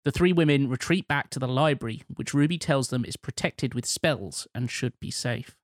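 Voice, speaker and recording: A man co-hosting a casual podcast, reading plot points and filling in casting choices in a relaxed way. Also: medium pitch, normal speed, no room sound, clean studio sound. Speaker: podcast co-host. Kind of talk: casual chat, reading out a film pitch.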